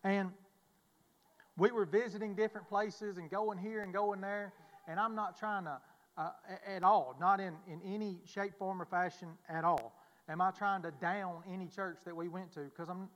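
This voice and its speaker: High-voiced preacher in a hall. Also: male voice, fairly even intonation, fairly bright tone, highs cut off. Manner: halting, folksy, self-deprecating. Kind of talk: informal church testimony. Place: church sanctuary.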